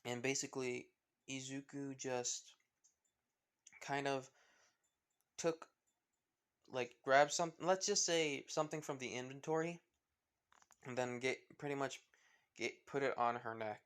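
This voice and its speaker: A man's voice: mid-range voice, a little slow, pauses often, fairly bright tone, clear, resonant tone. A man narrating an improvised fan story in a rambling way, full of fillers and self-corrections.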